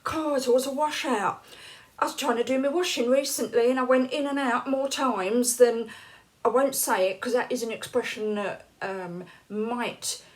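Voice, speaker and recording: An English woman in her late fifties chats to her viewers, telling stories and laughing along the way. Her voice sits a little high, and she acts out the lines other people said. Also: steady tone, normal speed. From England. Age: late 50s. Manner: chatty, laughs often, acts out quoted lines. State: unwell, feeling hot and cold. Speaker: vlogger. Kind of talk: casual storytelling to camera.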